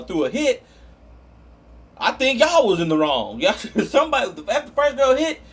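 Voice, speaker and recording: A man with a notably high voice rants angrily and profanely while reacting to comments in a vlog. He often stumbles over his words and restarts. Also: slightly rough. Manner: angry profane ranting. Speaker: vlogger.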